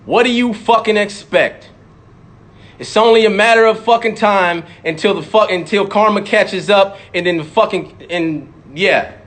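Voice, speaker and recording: High-voiced man ranting with profanity. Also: unhurried, a bit bright. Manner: profane, repetitive, emphatic; mocks imagined critics in sudden voices. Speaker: rapper speaking out. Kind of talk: impassioned monologue.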